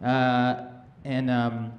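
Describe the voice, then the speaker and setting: A man's voice: mid-range voice, monotone, extremely slow, highs cut off. A man in his thirties doing a stand-up comedy set on stage, laid-back and conversational, often tossing in "man" and "right?". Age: 30s. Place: comedy stage before a live audience.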